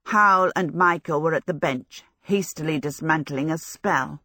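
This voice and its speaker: A woman reading a storybook aloud as narrator, in a measured, expressive storytelling manner. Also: low-pitched, dry recording, studio quality. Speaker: audiobook narrator.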